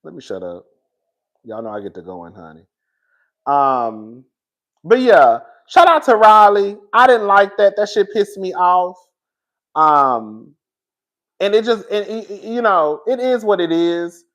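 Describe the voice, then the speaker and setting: A man's voice: high-pitched, big pitch swings, unhurried, a bit bright. A man giving a casual, candid commentary to his viewers, profane and rambling, often restarting and going off on asides. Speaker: reality TV commentator.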